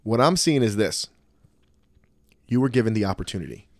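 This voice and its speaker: A man co-hosting a casual podcast chat who talks bluntly and swears a lot as he tells animated stories. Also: lowish voice, fairly quick, no room sound. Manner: blunt, profane, animated storytelling. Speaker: podcast co-host, martial arts academy coach.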